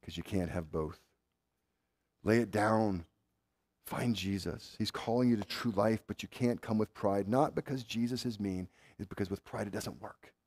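A man preaching a sermon, swinging from loud urgent pleading to low, quiet intensity. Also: normal speed. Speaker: pastor.

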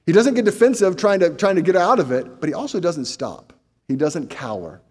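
Guy preaching, voice jumps around a lot, kinda high, long echo like a church hall. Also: a little fast. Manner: animated, conversational preaching with restarts and rhetorical questions. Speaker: pastor. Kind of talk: sermon.

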